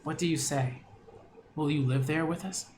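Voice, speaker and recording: A man voicing a gentle, kindly older man who speaks softly and calmly in a comic book read-aloud. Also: on the high side, moderate pace, a little hiss or hum, natural voice.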